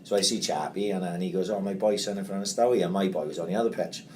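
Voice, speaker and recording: A man's voice: deep voice, racing, slight background noise. Swearing man telling stories. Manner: animated storyteller, heavy swearing, acts out quotes loudly. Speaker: podcast host. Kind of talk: casual storytelling chat.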